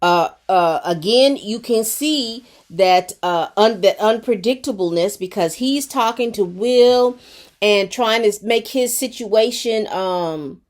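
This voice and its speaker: A woman with a medium-pitched voice recaps a TV episode for her viewers in casual chat. She talks rapidly, expressive and chatty, sprinkling in terms of endearment and fillers.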